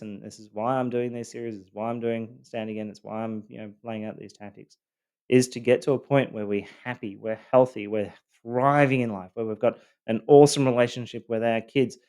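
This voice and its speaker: Earnest, hesitant man, lowish voice. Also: warm tone. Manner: earnest, hesitant, many fillers and repeated words. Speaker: podcast host telling his own story. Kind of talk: loosely scripted personal monologue.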